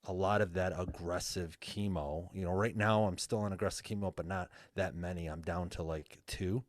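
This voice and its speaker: Deep-voiced earnest coach, plain-spoken. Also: male voice, fairly even intonation, normal speed, no echo. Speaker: guest coach. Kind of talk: casual podcast interview.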